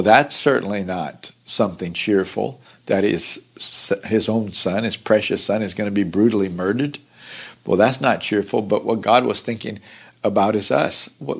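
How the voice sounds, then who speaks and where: A man teaching through a Bible passage in an earnest, conversational way, explaining verses with lively asides. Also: lowish voice, gravelly. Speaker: pastor teaching Bible study.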